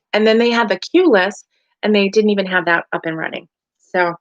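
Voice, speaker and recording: A woman's voice: on the low side, no room sound. A tired middle-aged woman with a light Southern US accent chats casually on a home livestream, rambling through her story with lots of fillers and restarts. The sound is dry and a little dull, like a lo-fi webcam mic. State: tired and yawning. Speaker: crochet livestream host. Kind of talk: casual live chat.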